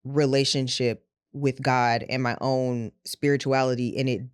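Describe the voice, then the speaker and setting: A woman's voice: very deep voice, fairly even intonation, a little slow, smooth. A woman from St. Louis with a St. Louis accent, co-hosting a podcast and talking candidly in casual chat. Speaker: podcast co-host.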